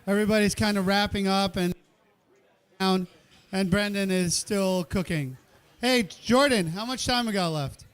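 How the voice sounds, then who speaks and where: Calling the countdown at a live cooking competition, this host jokes with the chefs and audience and rallies the crowd in a chatty, play-by-play emcee style. His voice sits high, unhurried, clear and resonant, in an indoor event kitchen.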